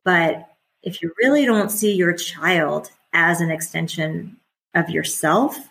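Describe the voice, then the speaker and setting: A woman's voice: fairly low pitch, takes it slowly, gravelly, fairly bright tone, poor audio. A woman in her forties, a former teacher and parent, talking candidly as a podcast guest, chatty and often laughing. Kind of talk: casual conversational interview.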